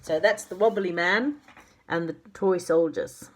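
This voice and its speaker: A woman's voice: fairly low pitch, unhurried. A woman reading a children's storybook aloud and chatting affectionately to young listeners. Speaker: reader of children's stories.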